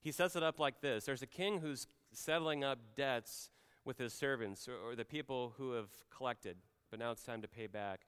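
A man preaching a sermon as pastor, conversational, often slowing and dropping to a quiet voice for emphasis. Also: medium pitch, clean tone, big-room sound. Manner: conversational, drops soft and slow for emphasis.

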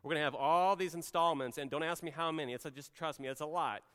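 A man's voice: on the high side, fast talker, a bit bright, clear, resonant tone, pitched above the performer's own voice, lightly acted. A man voicing a blunt, businesslike king who breezily tells a servant about his debt and calls him buddy. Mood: breezy, matter-of-fact. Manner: breezy and matter-of-fact, calls the debtor "buddy".

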